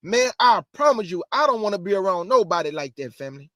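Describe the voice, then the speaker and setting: Preaching on a livestream, this Bible teacher talks quickly and emphatically in a conversational way, circling back to repeat phrases. His high male voice swings widely in pitch and sounds a bit bright, recorded close to the mic, dry and echo-free.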